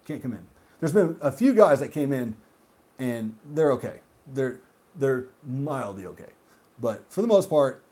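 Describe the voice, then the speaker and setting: Husky man ranting with big pitch swings. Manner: heated, profane ranting; swings between loud outbursts and muttered asides. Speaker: gaming video host. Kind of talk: solo rant monologue.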